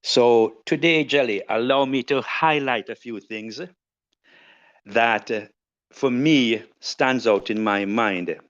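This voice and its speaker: Older man, slow and measured, formal speaking, muffled audio. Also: mid-range voice, fairly bright tone. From Jamaica. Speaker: podcast guest. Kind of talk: formal tribute speech. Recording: dull lo-fi audio.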